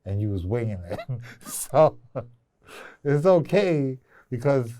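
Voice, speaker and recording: A man's voice: mid-range voice, big pitch swings, slow, mellow. A man coaching a young actress in a casual interview, playful and teasing, sometimes breaking into song. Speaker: acting coach.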